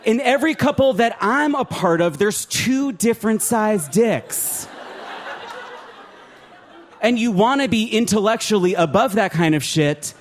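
A man doing a stand-up comedy set on a club stage, with an animated, profane, self-mocking delivery. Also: sits high, measured pace. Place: comedy club stage before a laughing audience.

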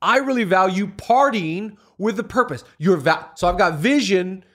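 A man's voice: high-pitched, moderate pace. Middle-aged man, pastor, upbeat motivational leadership talk, emphatic repetition, slightly raised voice. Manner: energetic preaching delivery with emphatic repetition. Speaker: pastor and podcast host.

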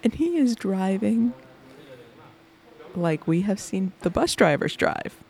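Woman telling an animated story. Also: medium pitch, slow. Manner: laughs often, acts out quoted people. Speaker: podcast host recounting her day.

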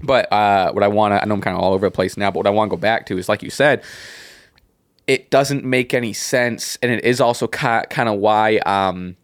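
A male podcast co-host in casual wrestling talk, his voice a little low. He rambles and restarts his thoughts as he goes, and the sound is dry and close with no room around it. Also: no room sound. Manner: rambling, halting, with many restarts and laughs.

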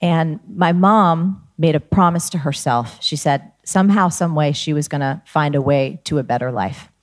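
Animated woman telling a family story. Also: sits low, normal speed. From New Jersey, USA. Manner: lively, animated storytelling with voiced quotes. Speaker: guest speaker. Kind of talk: storytelling talk.

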